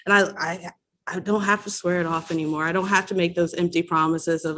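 Woman speaker at a recovery meeting, candid and lively, slips into voices for others. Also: medium pitch, normal speed. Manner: candid and animated, acting out voices. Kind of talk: sharing personal story at a meeting.

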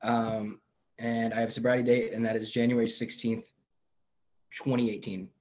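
A young man tells his recovery story over a video call. He talks in a candid, rambling way, full of fillers and side comments, in a voice of ordinary middle pitch. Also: little pitch movement, normal speed, darkish tone. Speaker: AA meeting member sharing. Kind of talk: personal recovery share.

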